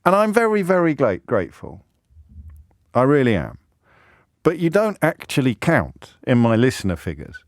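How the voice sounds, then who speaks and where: A man hosting a radio phone-in, chatting with callers in a lively way. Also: mid-range voice, no echo, clean studio sound. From Kidderminster, England. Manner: chatty and animated, quick to laugh with callers. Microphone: studio microphone.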